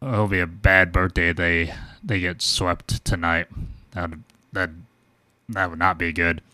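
Slow, bright-voiced man reading birthdays. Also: low-pitched, steady tone, dry recording, clean studio sound. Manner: slow, plain, hesitant with uh. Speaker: co-host. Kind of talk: casual sports chat.

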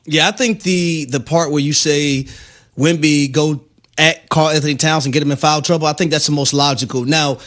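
A man's voice: fairly high pitch, steady tone, normal speed, a bit bright. A man co-hosting a sports radio show, arguing his points in a conversational way.

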